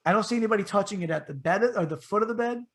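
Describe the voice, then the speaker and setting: A middle-aged man telling a story in a casual podcast chat, his voice jumping up and getting loud whenever he quotes himself. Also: sits high, very fast. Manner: animated storyteller, voice rises sharply when quoting himself. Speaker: podcast co-host.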